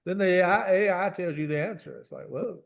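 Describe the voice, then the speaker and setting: High-pitched sardonic man. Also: fast. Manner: sardonic, acts out little imagined exchanges. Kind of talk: casual podcast chat.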